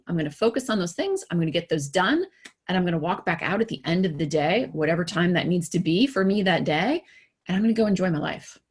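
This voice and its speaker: A woman executive coach giving a motivational talk to camera, animated and conversational, asking rhetorical questions and acting out quoted remarks. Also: lowish voice, husky. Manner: acts out quoted remarks in livelier voices.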